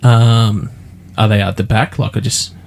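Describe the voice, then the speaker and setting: Speaking a little slowly and flatly, this Australian podcast host has a lowish, creaky, dark-toned voice. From the studio he rants through a profanity-laced story in casual conversation, mimicking what people said in put-on quotes.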